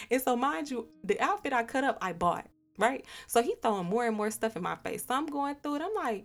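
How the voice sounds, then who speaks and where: A woman's voice: fairly high pitch, lively intonation, fairly quick, soft background music. A young woman hosting a podcast, candidly retelling a personal story with profanity and acted-out dialogue. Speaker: podcast host.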